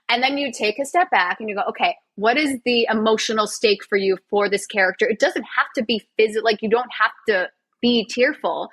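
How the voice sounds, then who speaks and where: A woman's voice: fairly high pitch, fairly quick, a bit bright, breathy edge, rough recording. A woman, a physiotherapist and actor, guesting on a podcast in casual, self-mocking, sarcastic chat.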